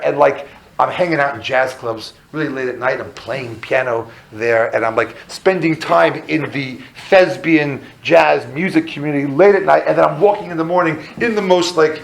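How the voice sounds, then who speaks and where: A man in his thirties from the American South speaks as a rabbi, telling a personal story to a crowd. His voice sits a bit high and has a gravelly edge. He talks in a loose, animated way, full of fillers, and he slips into other people's voices as he acts out the dialogue. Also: low-quality recording. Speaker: rabbi giving a talk. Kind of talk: storytelling talk to an audience.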